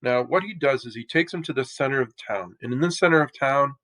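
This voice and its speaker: A man giving a lecture as a casual story, talking in a relaxed, conversational way with slangy asides. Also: medium pitch, brisk, low-quality recording.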